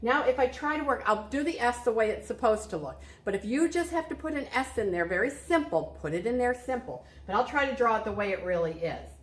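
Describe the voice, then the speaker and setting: A woman's voice: a little high, animated, fairly quick, few pauses. A woman art teacher leading a cheerful, step-by-step drawing lesson for children, encouraging them as she goes. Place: art studio. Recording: echoey room.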